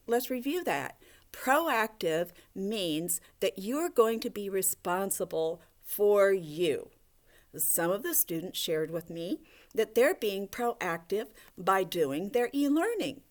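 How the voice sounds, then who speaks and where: A woman teacher giving a gentle, coaxing video lesson to young children, talking to a puppet. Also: mid-range voice. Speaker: elementary school teacher.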